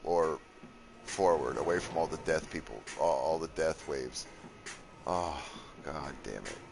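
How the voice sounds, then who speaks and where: A man's voice: extremely low pitch, measured pace, creaky, background noise. A young man streaming a game, tired and rambling, with sarcastic asides and lots of swearing. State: worn out from a long session. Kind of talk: casual gaming commentary.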